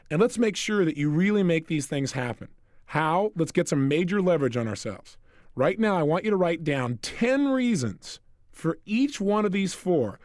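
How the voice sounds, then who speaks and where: A self-help coach speaking to the listener in an energetic, direct recorded lecture. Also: male voice, fairly high pitch, no room sound, clean studio sound.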